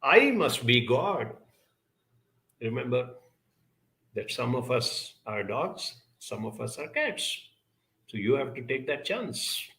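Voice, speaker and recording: A man giving a measured, emphatic talk and answering audience questions, with many pauses and fillers. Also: medium pitch, very animated, vocal fry, fairly bright tone, echoey room, low-quality recording. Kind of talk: live talk on emotional intelligence.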